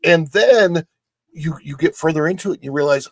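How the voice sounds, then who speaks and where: A man who is a guest on a theme park show, talking in a halting, emotional way with many restarts. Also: fairly high pitch, dry recording. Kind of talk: casual chat.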